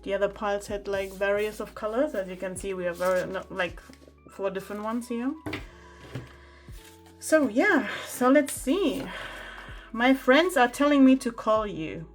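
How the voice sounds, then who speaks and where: A woman talks through a pick-a-card tarot reading at a mid pitch. She chats and exclaims as she turns the cards. Faint music plays in the background. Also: expressive, a little slow. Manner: chatty, exclaiming over the cards. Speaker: tarot reader.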